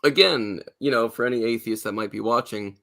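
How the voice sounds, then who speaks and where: Male panelist, bright tone, argumentative with rhetorical asides. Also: mid-range voice, brisk, creaky. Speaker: panel guest. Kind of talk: casual panel discussion.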